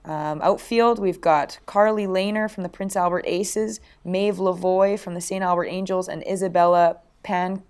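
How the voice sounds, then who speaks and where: Chatty low-voiced woman co-host. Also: steady tone, moderate pace, few pauses, darkish tone, clear, resonant tone. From Canada. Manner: chatty, lots of fillers and restarts. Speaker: podcast co-host. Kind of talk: casual podcast chat.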